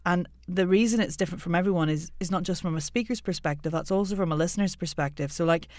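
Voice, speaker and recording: A woman who works as a coach, explaining things in a clear, teacherly way as a podcast guest. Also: lowish voice, fast talker, a little mellow, dry recording, clean studio sound. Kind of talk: casual interview chat.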